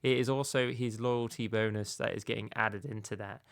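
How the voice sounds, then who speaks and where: A man's voice: fairly low pitch, steady tone, normal speed, vocal fry, no echo, clean studio sound. A man hosting a casual video game tutorial, talking in a rambling, conversational way with frequent filler phrases.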